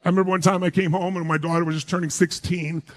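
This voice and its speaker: A man's voice: sits high, level tone, fast talker. A man giving a live motivational speech to an audience, emphatic and full of rhetorical questions. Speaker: motivational speaker.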